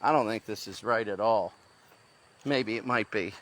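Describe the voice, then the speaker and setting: A man's voice: on the low side, normal speed, a bit bright. A man vlogging as he hikes through the jungle outdoors, thinking aloud as he goes. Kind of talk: talking to camera while hiking. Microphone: handheld phone.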